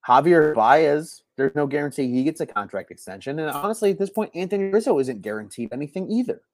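Hushed, frustrated young man streaming late. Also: fairly high pitch, animated, fast talker. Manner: hushed voice to avoid waking people; rambling, repeats words, frustrated fan. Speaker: live stream host. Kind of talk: late-night post-game live stream. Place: at home, late at night.

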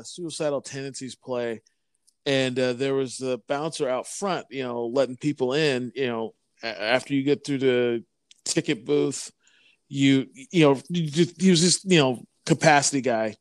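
A man's voice: mid-range voice, clean tone, no echo, clean studio sound. A man chatting casually, rambling with many fillers as he tells a story. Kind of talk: casual chat.

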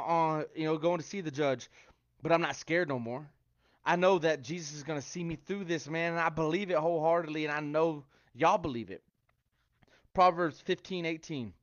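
A man's voice: a little high, dry recording. A man giving a casual devotional talk to online viewers, chatty and joking between scripture quotes. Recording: dry, dull lo-fi sound.

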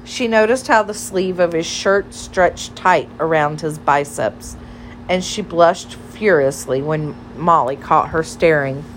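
A woman narrates a storybook in a gentle, measured way, slow and a bit low-pitched. A faint hiss of ambience sits under the voice. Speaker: audiobook narrator.

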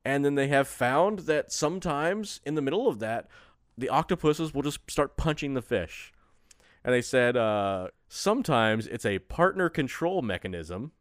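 A man's voice: mid-range voice, expressive, moderate pace, dry recording, studio quality. A man co-hosting a podcast in a casual, jokey chat, laughing often and rambling through his stories. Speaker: podcast co-host.

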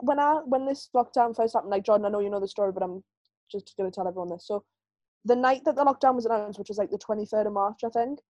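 A woman's voice: a little high, dark tone, dry recording, dull audio. A woman, co-hosting a podcast and telling a long personal story in a candid, rambling way, full of "like" fillers. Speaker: podcast co-host. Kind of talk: casual chat.

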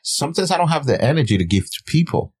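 A man's voice: fairly high pitch, sing-song, fast talker, darkish tone, husky. A man co-hosting a casual podcast, laid-back and profane, laughing easily. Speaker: podcast co-host. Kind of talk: casual chat.

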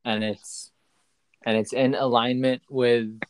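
A man hosting a podcast, chatting in an animated, joking way with many restarts. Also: medium pitch, slow, background noise. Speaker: podcast host. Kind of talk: casual chat.

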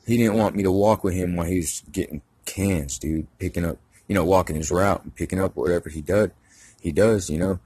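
A man's voice: sits low, fairly quick, darkish tone, breathy edge, dry recording. A man from Georgia, rambling through a casual, profane story. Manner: rambling, heavy profanity, slangy.

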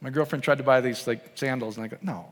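A man preaches in a fast, medium-pitched voice that carries a big-room sound. His sermon is casual and conversational, and he keeps checking in with the congregation by asking them questions.

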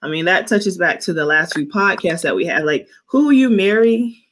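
A woman in her thirties hosting a casual faith podcast, speaking in an earnest, animated, preachy way while eight months pregnant. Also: fairly low pitch, moderate pace. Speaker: podcast host. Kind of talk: casual Christian podcast chat.

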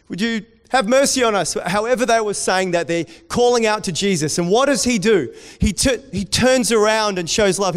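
A man preaching a sermon, dropping to quiet intensity and rising to loud, excited storytelling. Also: on the high side. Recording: long hall reverb.

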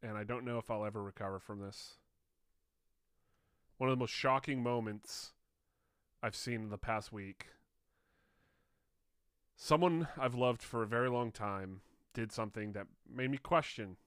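A man's voice: mid-range voice, measured pace, pauses often, a bit bright, clean tone, no room sound, studio quality. A young man co-hosting a podcast, chatting casually with loose swearing and frequent laughter. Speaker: podcast co-host. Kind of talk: casual chat.

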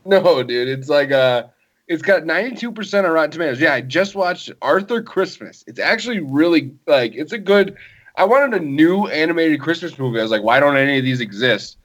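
Laid-back man, slightly high voice. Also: lively intonation, brisk, a bit bright, dull audio. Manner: casual, laid-back, says dude. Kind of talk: casual chat.

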